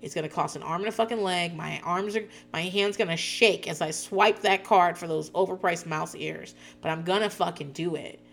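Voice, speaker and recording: A woman in her thirties chatting casually as a podcast host, profane and quick to laugh. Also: lowish voice, vocal fry, slight background noise. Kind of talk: casual chat recapping a reality show.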